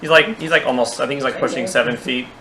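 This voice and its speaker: A man's voice: mid-range voice, fast, a loud crowd, rough recording. A man playing a tabletop game, who talks in a casual, rambling, joking way. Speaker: player.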